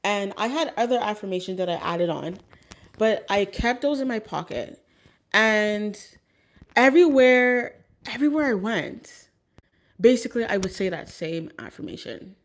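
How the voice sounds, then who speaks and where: A woman telling a personal story in a casual, rambling way, with many fillers and restarts. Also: mid-range voice. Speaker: vlogger.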